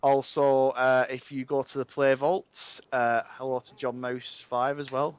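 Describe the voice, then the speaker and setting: A man's voice: mid-range voice, level tone, measured pace, hardly any pauses, a little hiss or hum. A man co-hosting a casual podcast, chatty and full of fillers. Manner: chatty, leans on "obviously" and "um". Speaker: podcast co-host.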